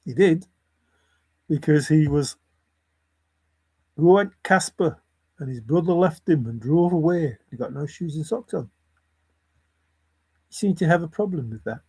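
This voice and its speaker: Slow, giggly rambling man. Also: fairly high pitch, lively intonation, a little mellow, husky. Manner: giggly, repetitive, muttering to himself. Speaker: treasure hunt vlogger. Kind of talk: rambling commentary over video.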